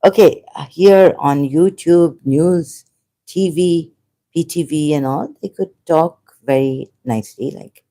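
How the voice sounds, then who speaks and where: A woman's voice: low-pitched, slow pace, mellow. A woman talking in an unscripted monologue as an online commentator, impassioned and rambling, often repeating herself.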